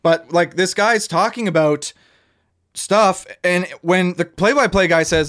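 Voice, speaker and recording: Animated high-pitched man ranting. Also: moderate pace. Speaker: podcast host. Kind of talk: casual chat.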